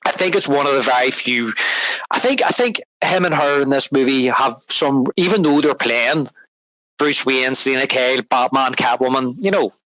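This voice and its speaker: A man's voice: medium pitch, moderate pace, no room sound, rough recording. A man co-hosting a film podcast in casual chat, retelling scenes with energy, laughing often and restarting his words. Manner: animated, retells scenes and acts out the dialogue. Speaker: podcast co-host.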